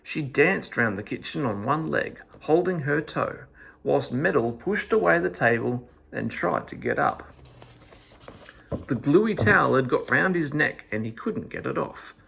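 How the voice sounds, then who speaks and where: A man reading a children's story aloud in an expressive, animated storytelling manner. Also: medium pitch, measured pace, gravelly, breathy edge.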